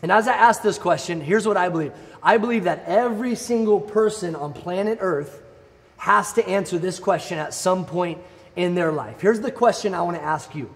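A young man with a high voice gives an animated youth sermon built around a personal story. He talks like an excited storyteller, jumping up when the story hits. His voice rings with a long, hall-like reverb. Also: moderate pace. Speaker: youth pastor.

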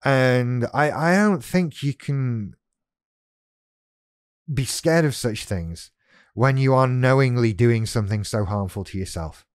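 A man's voice: mid-range voice, lively intonation, takes it slowly, no echo, studio quality. A man vlogging from his desk at home, thinking aloud in a frank, self-questioning monologue. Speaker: vlogger talking about BPD. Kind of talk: candid reflective monologue.

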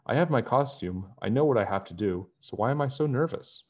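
A man voicing an excitable young girl in a storybook read-aloud, with high breathless squeals. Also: fairly quick, husky, dull audio. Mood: excited. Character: excitable young girl, Nancy's friend Bess.

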